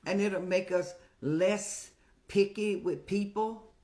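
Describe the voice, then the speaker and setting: An older woman hosting a show, giving motherly, preachy advice in a folksy way and telling stories with lively rises in pitch. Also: takes it slowly. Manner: folksy, preachy, calls listeners child; animated storytelling with rising pitch. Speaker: host answering viewer questions.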